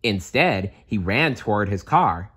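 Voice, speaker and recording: A man reading a children's bedtime story aloud in a calm, measured way. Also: fairly low pitch, husky. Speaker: storybook reader.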